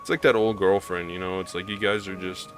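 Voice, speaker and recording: A man's voice: low-pitched, steady tone, brisk, fairly bright tone, a little hiss or hum. A man from Missouri with a slight Southern drawl, talking candidly in a rambling gaming vlog, with many restarts. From Missouri, US Midwest. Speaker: gaming YouTuber. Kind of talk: casual gaming vlog commentary.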